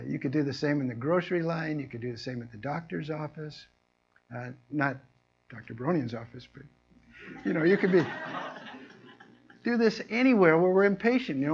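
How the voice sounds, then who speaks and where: A man preaching a conversational sermon, telling everyday stories and acting out people's lines in a raised, animated voice. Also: a little high. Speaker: pastor. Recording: muffled lo-fi recording.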